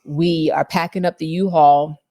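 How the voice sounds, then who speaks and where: A woman's voice: sits low, fairly even intonation, a little slow, mellow, no echo, clean studio sound. A woman co-hosting a podcast, speaking earnestly and reflectively about her faith. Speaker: podcast co-host. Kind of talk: casual reflective storytelling.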